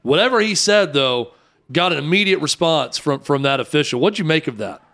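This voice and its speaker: A man's voice: fairly high pitch, animated, brisk, a bit bright. A man hosting a sports talk show, putting long and winding questions to his guest. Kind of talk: sports talk radio interview.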